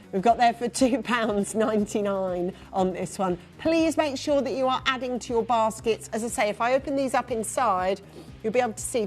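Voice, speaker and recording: A woman presenting a live shopping channel, chatty and upbeat, rattling off prices and buyers' names. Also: on the high side. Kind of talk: live TV selling.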